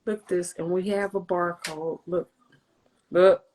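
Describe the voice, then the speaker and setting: A woman's voice: on the low side, steady tone, slow pace, darkish tone, a little hiss or hum, poor audio. A woman hosting a casual livestream, chatting in a loose, rambling way with plenty of swearing and jokes. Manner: loose, rambling, profane and joking. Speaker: livestream host.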